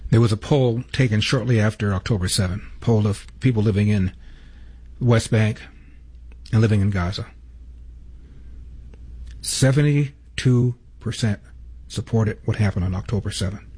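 A man hosting a commentary show, stressing key figures by slowing down. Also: fairly low pitch, steady tone, warm tone, husky. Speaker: host.

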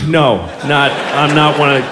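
A man's voice: on the high side, fairly even intonation, measured pace, echoey room, voice pushed down, natural voice. A man doing a grumpy cursing wild pony. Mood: irritated. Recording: live club with audience noise.

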